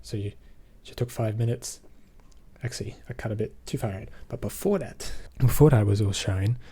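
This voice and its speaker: An Australian movie reviewer gives a casual spoken recap, drifting loosely through the plot and padding his lines with "basically" and "um." He has a low, mellow voice with a husky edge and holds a flat, even delivery at a moderate pace.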